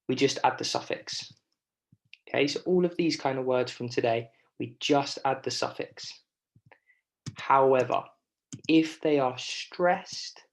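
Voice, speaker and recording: Slow, patient male teacher. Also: mid-range voice. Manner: slow, patient, stretching out syllables to demonstrate stress; encouraging, checks in with "okay?". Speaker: primary school teacher. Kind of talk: recorded spelling lesson for children.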